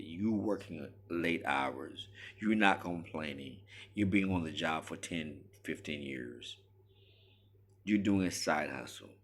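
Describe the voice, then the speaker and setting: Low-voiced man lecturing emphatically. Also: a bit bright, slight background noise. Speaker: relationship commentator. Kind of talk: monologue to camera.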